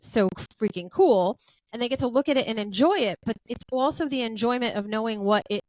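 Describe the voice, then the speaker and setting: A woman's voice: a little high, lively intonation, fairly quick, darkish tone, dry recording, rough recording. A woman hosting a podcast interview, talking in a chatty way with many fillers and restarts. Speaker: podcast host. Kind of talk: casual interview chat.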